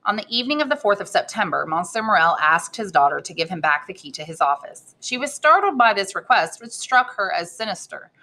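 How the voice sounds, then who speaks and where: A woman, an English teacher, reading a novel aloud with expressive delivery, lifting her voice for the characters' lines. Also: fairly quick, few pauses. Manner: expressive reading, raises pitch for quoted characters.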